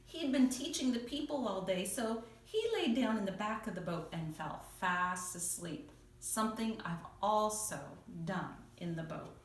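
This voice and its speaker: Telling children a Bible story at church, a woman sounds playful and expressive in a mid-range voice. She's unhurried with few pauses, and she's heard at a distance in an echoey room.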